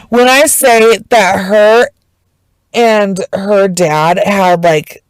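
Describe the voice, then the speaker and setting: A woman's voice: fairly low pitch, no echo, low-quality recording. A woman telling a true crime story in a casual, emotional way, swearing freely and speaking with heavy emphasis.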